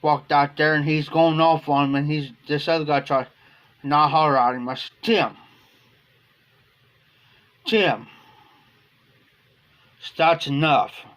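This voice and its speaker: A man's voice: on the high side, flat delivery, a little fast, a bit bright, smooth, highs cut off. A man with an Ohio accent telling a casual, rambling story on a live stream, acting out quoted dialogue in a folksy way. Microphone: phone or webcam on a live stream.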